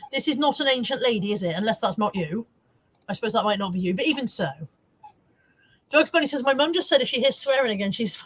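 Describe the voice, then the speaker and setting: A middle-aged woman hosting a casual live stream, chatting to viewers, laughing often and swearing freely. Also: on the high side. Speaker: live-stream host reading viewer comments.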